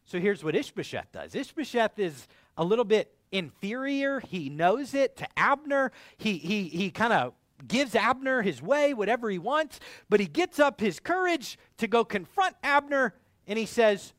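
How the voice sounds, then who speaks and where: A man preaching a sermon in an animated way, acting out the dialogue of biblical figures in different voices. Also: sits high, normal speed, no echo. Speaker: pastor.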